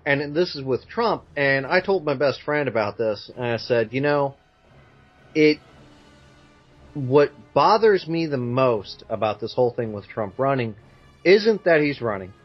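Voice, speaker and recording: A man's voice: medium pitch, lively intonation, unhurried, muffled recording, faint music behind. A man co-hosting a casual podcast, giving his views with many "you know" fillers. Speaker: podcast co-host. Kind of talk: casual chat.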